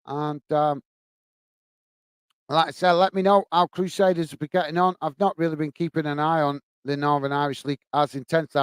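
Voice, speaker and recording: A UK man hosts a football fan live stream, easygoing and chatty, reading comments and scores. He calls everyone "mate" and fills pauses with "uh," his slightly high voice smooth and clear in a dry, close room.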